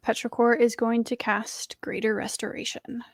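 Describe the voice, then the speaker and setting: A woman's voice: on the high side, level tone, moderate pace, dry recording. A woman playing a character in a tabletop game, talking in a chatty, rambling way. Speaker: player.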